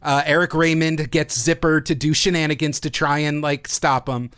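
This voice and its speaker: A podcast co-host talking in casual chat at a middle pitch. The delivery is wry, with mocking asides. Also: fairly even intonation, normal speed, fairly bright tone, clean tone.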